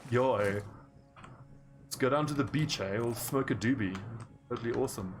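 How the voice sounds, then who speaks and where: A man's voice: mid-range voice, normal speed, over music, close to an everyday voice. A man doing a drawling Durban surfer dude. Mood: laid-back. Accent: Durban South African. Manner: lazy, drawling slang. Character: laid-back young Durban surfer dude.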